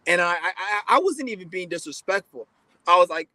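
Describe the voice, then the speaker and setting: A man's voice: high-pitched, animated, brisk, bright, forceful tone, no room sound, poor audio. A man giving a blunt, profane, rambling casual monologue as a podcast host.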